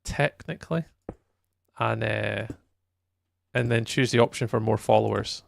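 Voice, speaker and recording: Man, Scottish accent, rough fry-heavy voice, easygoing streamer, rambling chat. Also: lowish voice, fairly even intonation, a little slow, a little hiss or hum. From Scotland. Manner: chatty and rambling, laughs easily, answers chat. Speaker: game streamer. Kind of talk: casual chat while playing a game live.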